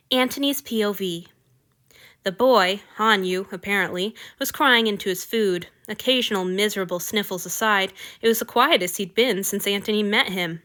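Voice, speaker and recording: A woman reads a fiction story aloud with expressive, lively narration. Her voice is bright and crisp. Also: medium pitch, moderate pace. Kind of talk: audiobook reading of fiction.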